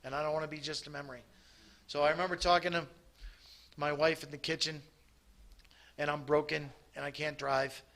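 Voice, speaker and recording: A man giving a halting personal testimony at a recovery meeting, full of restarts and pauses. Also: on the high side, flat delivery, creaky, fairly bright tone. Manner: halting, many restarts and ums.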